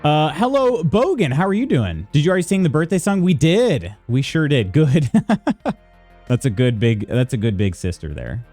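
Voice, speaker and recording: A man's voice: on the high side, big pitch swings, moderate pace, a little mellow, faint music behind. A man streaming live, chatting casually with viewers and greeting them by name while reading the chat aloud. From United States.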